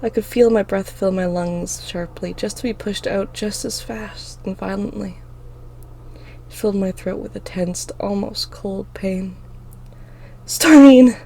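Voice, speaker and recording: A woman reading her own story aloud in the first person, with expressive, emotional delivery. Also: mid-range voice, unhurried, creaky.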